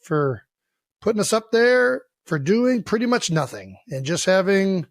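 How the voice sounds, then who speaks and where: A man in his thirties from Ohio, co-hosting a casual podcast chat in a boisterous, excitable way and swearing freely. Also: high-pitched, unhurried, dry recording, studio quality. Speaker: podcast co-host.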